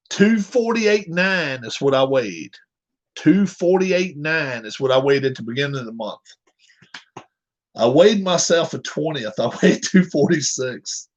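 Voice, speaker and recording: A man chatting casually with his viewers, rambling and joking as he reads their comments aloud. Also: mid-range voice. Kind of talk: casual chat. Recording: dull lo-fi recording.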